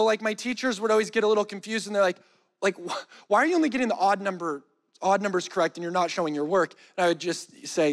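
A man preaching a sermon to a live audience in an animated, joking, conversational way. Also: high-pitched, long reverb tail. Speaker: pastor.

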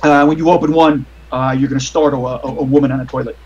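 A man's voice: medium pitch, steady tone, fast talker, darkish tone, highs cut off. A man running a tabletop game as game master, narrating in a meandering, hesitant way over online voice chat.

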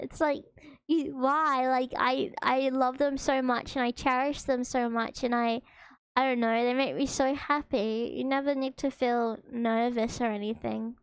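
A woman's voice: a little high, fairly even intonation, measured pace, vocal fry, clear, resonant tone, dry recording. A young woman with an Australian accent, chatting casually with viewers as a streamer in a hesitant, rambling, emotional way.

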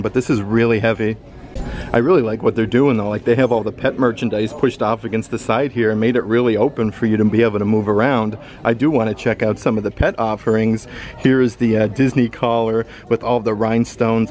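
A man's voice: lowish voice, darkish tone. A man vlogging a casual shopping walkthrough in a store, chatty and upbeat as he reads out prices. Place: indoor retail store.

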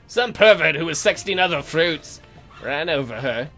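A man's voice: a little high, animated, moderate pace, pushed and bright, faint music behind. A man hosting a let's play, giving casual, jokey commentary and reacting aloud to the game.

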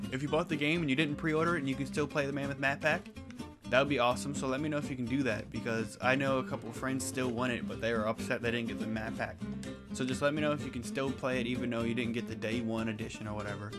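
A young man doing jokey, excitable commentary while playing a video game. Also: medium pitch. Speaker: gaming YouTuber. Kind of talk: gameplay commentary. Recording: game music behind.

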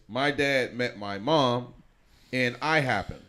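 A man's voice: medium pitch, slow, sharp tone. A man from Chicago, a podcast guest, telling his life story in a loose, rambling way with many restarts and fillers. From Chicago, USA. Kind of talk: casual interview storytelling.

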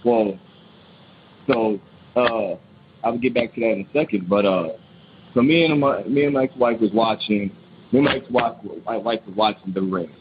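A man calling in to tell a true ghost story in casual, rambling speech, full of restarts and repeats, getting animated when he quotes others. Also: lowish voice, lo-fi sound, noisy background. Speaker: caller. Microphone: phone call.

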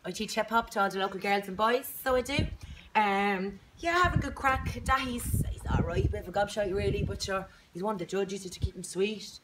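A woman's voice: medium pitch, animated, a little fast, natural voice. A woman playing a brash young Dublin mum who teaches dance, blunt and slangy, in a Dublin accent. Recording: distant mic with background noise.

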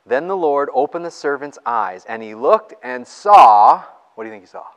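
A man preaching a sermon in a church and reading scripture aloud. He talks in an excited, chatty way and laughs between his points. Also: mid-range voice, normal speed, clear, resonant tone, big-room sound, muffled recording. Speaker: pastor.

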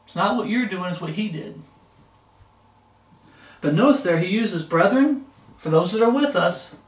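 A man preaches through a Bible passage in a high, insistent voice. He repeats himself and keeps asking "okay?" His voice is picked up from some way off and rings around a reverberant room. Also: lively intonation, normal speed, pauses often, distant mic. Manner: emphatic, repeats words, frequent "okay?". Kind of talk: Bible study sermon.

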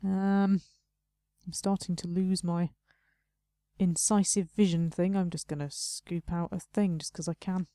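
A woman's voice: lowish voice, little pitch movement, unhurried, dark tone, no room sound. A young woman casually commenting on her own gameplay, chatty and self-mocking, talking to herself as she plays. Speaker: let's play host.

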